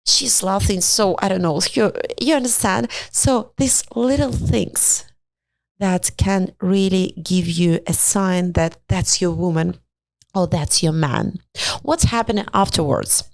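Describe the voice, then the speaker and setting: A woman hosting a podcast who talks in a casual, expressive way, acting out little quoted dialogues in non-native English with small grammar slips. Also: medium pitch, unhurried, gravelly, no echo. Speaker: podcast host and astrologer-matchmaker. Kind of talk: casual monologue. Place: studio.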